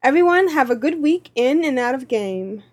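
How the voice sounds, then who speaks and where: A woman's voice: high voice, expressive, moderate pace, darkish tone. A woman co-hosting a podcast, reading listener email aloud in a playful, giggly way. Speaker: podcast co-host.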